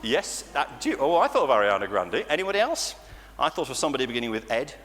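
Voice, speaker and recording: A man with an English accent leading an all-age church talk for children, animated and playful, often laughing. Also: medium pitch, quick pace. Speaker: church leader. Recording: church reverb with faint noise.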